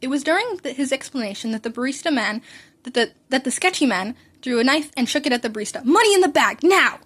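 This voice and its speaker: A woman's voice: high voice, quick pace, fairly bright tone. A woman reading fan fiction aloud in a casual way, with wry asides and small slips. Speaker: podfic reader.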